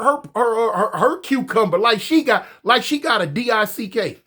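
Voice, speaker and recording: Animated man telling a story. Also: sits high, normal speed, hardly any pauses. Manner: animated, profane, stammering repeats. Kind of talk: casual storytelling.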